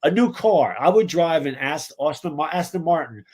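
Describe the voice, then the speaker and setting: A man on a podcast who mostly gives short, joking reactions. His voice sits a bit higher than most men's, and he keeps it casual. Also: expressive, moderate pace, darkish tone. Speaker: podcast co-host. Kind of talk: casual chat.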